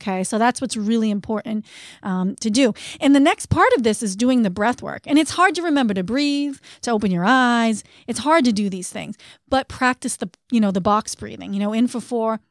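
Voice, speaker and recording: A woman co-hosting a podcast, explaining coping steps in an earnest, conversational way and slowing down on key phrases. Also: fairly high pitch, no echo, clean studio sound. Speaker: podcast co-host.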